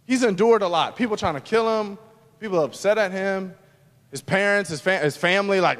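A man pastor preaching a sermon, moving between loud, emphatic lines and hushed, quiet ones. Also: sits high, expressive, normal speed, long reverb tail.

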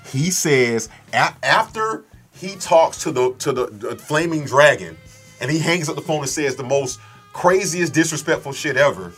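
A man co-hosting a podcast, rambling excitedly about films, swearing often and breaking into loud impressions. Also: fairly high pitch, moderate pace, husky, soft background music. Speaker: podcast co-host. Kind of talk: excited film chat.

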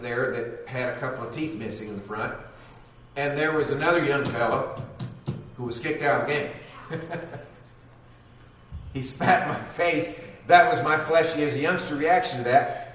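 A man's voice: a little high, a bit bright. Echoey far-off male pastor preaching. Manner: dramatic, acts out quotes and sound effects. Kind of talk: sermon. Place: church sanctuary. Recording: echoey church recorded from afar.

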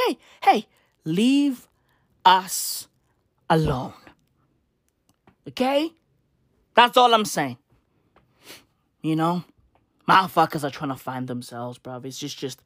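A woman's voice: mid-range voice, dry recording, clean studio sound. A woman from Africa doing a comedic rant to camera, profane and slangy, hammering her points with repetition. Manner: profane, slangy, emphatic, repeats lines for effect. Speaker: comedic commentator.

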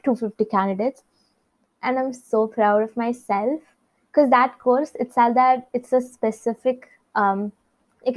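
A woman's voice: on the high side, darkish tone. A young woman telling a rambling personal story in a chatty, casual way. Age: young adult. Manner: chatty, rambling, with many asides. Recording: slightly dull lo-fi recording.

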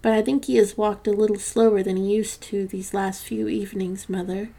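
Storybook: woman voicing an earnest boy, subdued, gravelly edge. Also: mid-range voice, steady tone, a little fast, dark tone. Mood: quiet. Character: quiet, dutiful teenage son.

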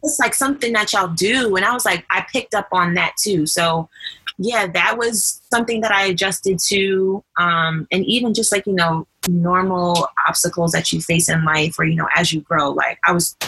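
A woman's voice: fairly low pitch, normal speed, bright, forceful tone, slightly rough, poor audio. A woman in her twenties from New York, with a light New York accent, chatting as a podcast guest and telling her stories with many fillers. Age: 20s. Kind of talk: casual chat.

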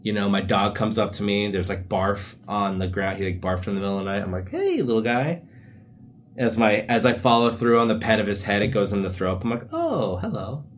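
A man's voice: lowish voice, little pitch movement, fast, hardly any pauses, slight background noise. A young man hosting a casual solo podcast, rambling through laid-back stories full of slang and asides. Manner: often drops into silly put-on voices for quotes. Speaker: podcast host.

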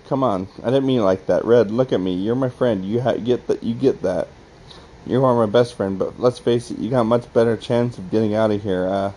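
Man voicing a frantic trapped scientist: low, dark voice, shaky and halting, pleading. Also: natural voice, rough recording. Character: trapped male scientist, desperate and breaking down.

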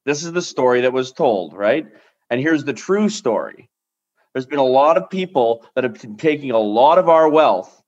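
A man's voice: mid-range voice, animated, moderate pace. A man hosting a podcast chat, emphatic and punchy, often checking in with "right?". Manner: emphatic, talks in bursts with lots of "right?". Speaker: podcast host. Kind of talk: casual conversational interview. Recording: dull lo-fi sound.

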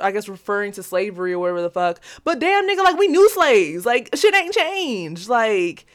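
A woman's voice: mid-range voice, sing-song, unhurried. A young adult woman hosting a solo podcast, ranting bluntly and profanely with constant "like" fillers. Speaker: podcast host. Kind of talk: casual solo podcast rant.

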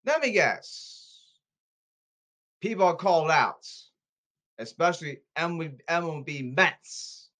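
Man ranting with wide swings of pitch. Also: expressive, slow, pauses often. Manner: shouting, scolding, repetitive demands; stumbles and restarts words. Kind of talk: angry rant at the camera.

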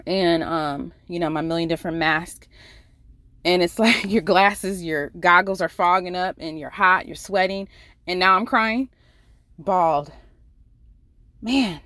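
A woman with a fairly low voice gives an earnest Bible devotional. She talks in a casual, conversational way, often restarting her sentences. The sound is dry and close, with no room echo. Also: unhurried, pauses often, sharp tone. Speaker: devotional podcast host; ICU nurse.

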